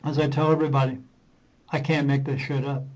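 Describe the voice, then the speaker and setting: A man who works as a medium, appearing as a podcast guest, spins rambling, casual anecdotes and acts out conversations, peppering them with lots of "uh" fillers. His mid-range voice stays flat and moves fairly quickly, and the audio quality is poor.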